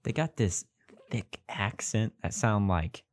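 A young man co-hosting a podcast, chatting casually with quick, teasing asides. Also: lowish voice, expressive, no echo. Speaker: podcast co-host. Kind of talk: casual chat.

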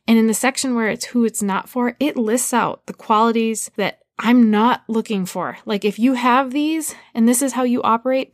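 A woman's voice: fairly high pitch, moderate pace, no echo. A woman talks straight into the mic as the host of her own podcast, coaching listeners in an easy, chatty way. She leans on "like" and keeps the tone light and upbeat. The sound is dry and close, with no room around her. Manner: conversational, frequent "like", upbeat coaching tone. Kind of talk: casual solo podcast advice.

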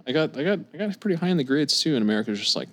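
A man's voice: a little high, very animated, very fast, a bit bright. Laid-back, foul-mouthed man on a podcast. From Scotland. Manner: laid-back, swears freely, laughs easily. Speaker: podcast guest. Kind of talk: casual podcast chat.

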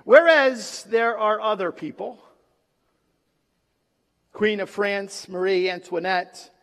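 A man preaching a sermon in a church, dramatic, pausing for effect and acting out the quotes he gives. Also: high voice, a bit bright. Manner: dramatic, with pauses and acted quotes. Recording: long reverb of a large hall.

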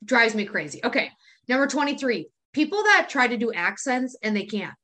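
A woman co-hosting a casual podcast chat, with a fairly high, bright and forceful voice. She rants in an exasperated way, laughs often and swears freely. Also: very animated, moderate pace. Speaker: podcast co-host.

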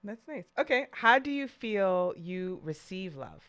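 An interviewer asking gentle, quiet questions in a slow, soft-spoken way. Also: mid-range voice, big pitch swings, smooth.

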